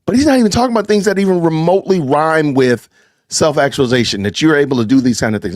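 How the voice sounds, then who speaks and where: A man's voice: fairly high pitch, fast talker, no room sound, studio quality. A man hosting a podcast livestream, reacting to clips with emphatic commentary and repetition for stress. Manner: emphatic, animated, repeats points for stress. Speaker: podcast host.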